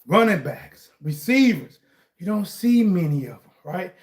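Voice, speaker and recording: A man with a high voice holds forth on sports in loose, rambling chat. He circles back over his points and then raises his voice sharply to hammer them home. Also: measured pace. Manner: rambling, animated, bursts into shouts on points. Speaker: sports commentary vlogger. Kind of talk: casual chat.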